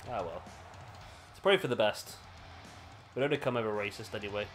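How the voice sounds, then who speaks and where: A man's voice: on the low side, animated, brisk, a bit bright, soft background music. A British man giving chatty, rambling play-by-play commentary over a wrestling video game, often correcting himself mid-sentence. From Britain. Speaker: gaming commentator.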